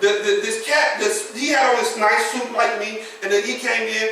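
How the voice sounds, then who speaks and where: A man's voice: high voice, fairly even intonation, moderate pace, gravelly, pushed and bright, slight background noise. A man preaching a sermon to his congregation, telling a folksy story and laughing at his own jokes. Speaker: pastor. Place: church sanctuary. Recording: echoey church hall, picked up from a distance.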